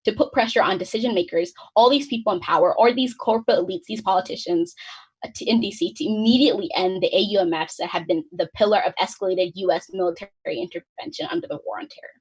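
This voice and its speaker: On a webinar, a twenty-something student organizer from the United States reads her earnest prepared speech from notes at a fast clip. Her mid-range voice is slightly rough, and the audio quality is poor.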